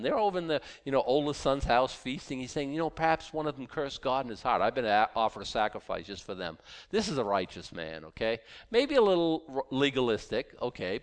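A man reading scripture aloud and explaining it in a casual, animated way, with sarcastic asides and many restarts. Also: on the high side. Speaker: Bible teacher. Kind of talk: conversational Bible teaching.

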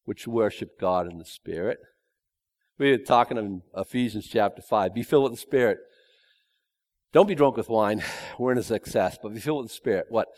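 A man's voice: mid-range voice, expressive, normal speed, a little mellow. A man preaching a verse-by-verse sermon in a conversational way, with joking asides and emphatic repetition. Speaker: pastor. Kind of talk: expository sermon.

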